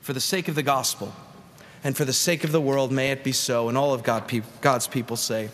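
A man's voice: mid-range voice, steady tone, brisk, fairly bright tone, slight background noise. A man preaching a sermon as pastor, in a conversational style with rhetorical questions to the congregation. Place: large church sanctuary. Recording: long reverb of a church hall.

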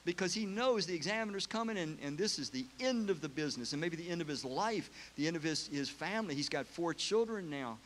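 A preacher giving a sermon, retelling a film story in an emotional, casual way. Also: male voice, a little high, lively intonation, fairly quick, few pauses, fairly bright tone, a little hiss or hum.

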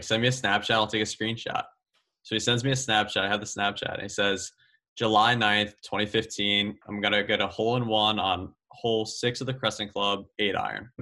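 A young adult man casually telling a story as a guest golfer, animated, laughing as he talks and saying "like" often. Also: fairly low pitch, vocal fry. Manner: animated, laughs while telling, many fillers of "like".

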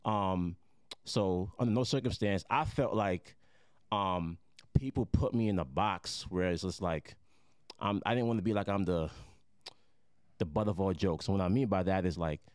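Low-pitched, laid-back man from Jamaica; rambling podcast guest, dry close sound. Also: moderate pace, clear, resonant tone, dry recording. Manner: laid-back, rambling, fond of "you know what I'm saying". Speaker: guest musician. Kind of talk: casual podcast conversation.

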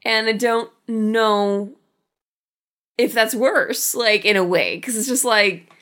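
A woman's voice: fairly high pitch, slow pace, a bit bright. A woman co-hosting a podcast, commenting wryly and skeptically on a film. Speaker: podcast co-host. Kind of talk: casual film discussion.

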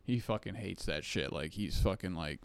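A man's voice: low voice, moderate pace, creaky, clean tone. A man co-hosting a podcast, telling a rambling story full of swearing and restarts in casual chat. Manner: rambling, heavy swearing, restless. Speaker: podcast co-host.

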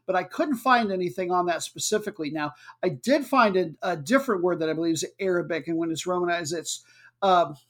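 Male podcast host, casual and wry, chatty with ums and uhs, higher voice. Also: a bit bright. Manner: jokey, chatty, with filler words. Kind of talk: casual chat.

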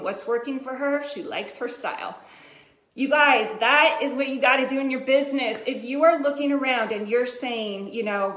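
A woman in her thirties talks straight to her viewers as a business coach, telling a personal story in a chatty, animated way. Her voice sits a little high, and she often checks in with "right?" Her voice rings in an echoey room. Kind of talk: motivational storytelling to camera.

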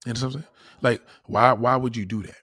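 Husky-voiced blunt, profane man. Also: medium pitch, steady tone, fast talker, a bit bright, no room sound, studio quality. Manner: blunt and profane, with repeated restarts. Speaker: livestream host. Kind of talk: casual livestream rant.

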